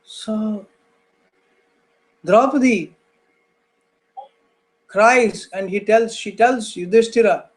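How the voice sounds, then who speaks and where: A man, a spiritual teacher, slowly retelling a scripture story with drawn-out pauses. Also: sits high.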